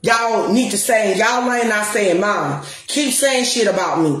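A woman's voice: medium pitch, a little slow, fairly bright tone. Defiant woman ranting in a roomy space. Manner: profane, defiant, repeats and stresses her words. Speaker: spiritual counselor and music promoter. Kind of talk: confrontational rant to the camera. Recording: roomy echo.

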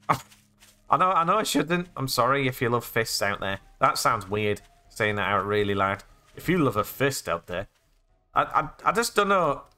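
A man's voice: mid-range voice, very animated, moderate pace, sharp tone. An English man hosting a let's play, narrating his own in-game actions in past tense with playful jokes. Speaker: gaming channel host.

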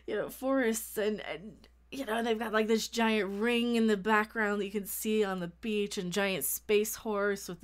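A woman with a fairly high voice talks through a TV episode review. She gushes and gets excited, stumbling over restarts as she rushes to share what she loved. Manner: gushing, animated, many restarts and "oh my God".

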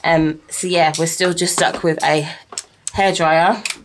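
A mother, chatting casually to camera as the host of a family vlog, animated and a little breathless from blow drying. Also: low voice, measured pace. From United Kingdom. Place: family home, indoors. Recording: noisy home recording.

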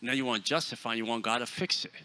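A man preaching a sermon in a church, blunt and forceful, dropping to hushed asides and then booming out. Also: quick pace. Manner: forceful, blunt, swings between loud and hushed. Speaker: guest preacher.

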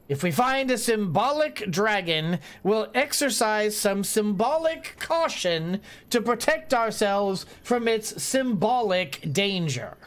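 A woman reads story-game dialogue aloud in a middle-pitched voice that jumps up and down with great liveliness. She moves her voice higher and lower to set the characters apart. Her delivery stays animated and playful throughout. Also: a little slow, hardly any pauses. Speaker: let's play host.

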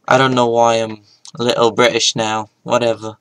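A young man giving casual gameplay commentary, mostly mumbling to himself with sudden loud outbursts. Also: mid-range voice, little pitch movement, moderate pace, no echo, poor audio. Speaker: gaming YouTuber.

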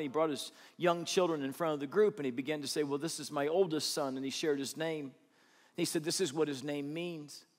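A man delivers a sermon as a pastor. His voice sits high for a man. He leans on repeated phrases to drive points home, and the sound carries a long reverb from a big church auditorium. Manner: emphatic, repeats phrases for weight.

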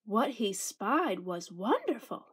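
A woman reading a children's picture book aloud with an expressive, lilting storytelling manner. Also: mid-range voice, slow, husky.

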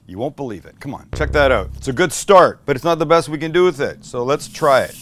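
A man's voice: mid-range voice, animated, fast talker, a little hiss or hum. A man hosting a cooking show, chatting casually and enthusiastically as he cooks, swearing now and then and joking with his crew. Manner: talks to the camera crew by name.

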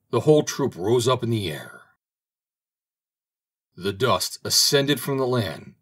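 A man reading a fairy tale aloud as an audiobook narrator, in an expressive, dramatic way. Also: mid-range voice, slightly rough. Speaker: audiobook reader. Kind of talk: storybook narration.

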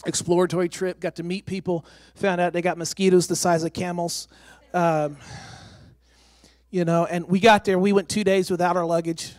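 A man's voice: high voice, moderate pace, no room sound. A man, a missionary and former pastor, giving an emphatic and emotional testimony in church, close to tears. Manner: excitable, emphatic, breaking toward tears. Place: church sanctuary.

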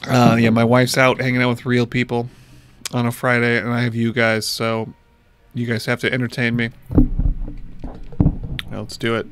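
A man in his thirties plays a space game on a home livestream, chatting casually with viewers into a desk mic. His medium-pitched, slightly bright voice is completely flat, at normal speed with frequent pauses. There's slight background noise.

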